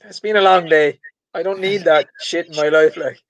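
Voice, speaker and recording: A man's voice: a little high, fairly even intonation, moderate pace, no echo, highs cut off. A man co-hosting a podcast, talking casually about betting in an easygoing, self-deprecating way. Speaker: podcast co-host.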